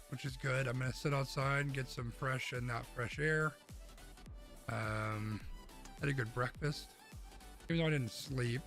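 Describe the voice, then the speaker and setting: A young male streamer rambles casually to his chat while playing, his voice carrying some gravelly fry. Game music sits clearly behind him on a home streaming mic. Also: mid-range voice, a bit bright. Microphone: streaming mic through a mixer. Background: game music and game sounds.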